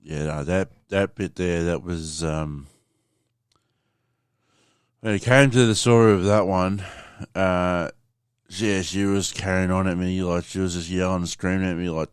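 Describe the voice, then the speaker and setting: A man's voice: sits low, unhurried, smooth, no echo, clean studio sound. A man hosting a podcast, rambling casually through a story and swearing freely as he talks to his listeners. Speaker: podcast host.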